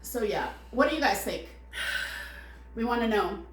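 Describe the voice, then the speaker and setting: Chatty woman co-host, somewhat high voice. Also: animated, moderate pace, reverberant, a little hiss or hum. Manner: chatty, self-deprecating, trails off often. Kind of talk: casual chat. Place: studio.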